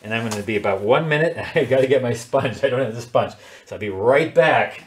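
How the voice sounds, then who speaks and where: A man teaching a casual watercolor paint-along, chatty and quick to laugh while he works. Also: medium pitch, animated. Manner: chatty, laughs often, talks while working. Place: home studio. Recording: echoey room.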